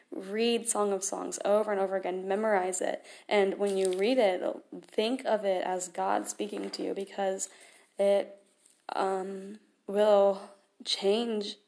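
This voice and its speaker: A woman's voice: mid-range voice, gravelly, darkish tone. A young woman hosting her own podcast, reading scripture aloud and talking about it in an earnest, chatty way with fillers and small laughs. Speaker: podcast host. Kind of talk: casual devotional talk with scripture reading.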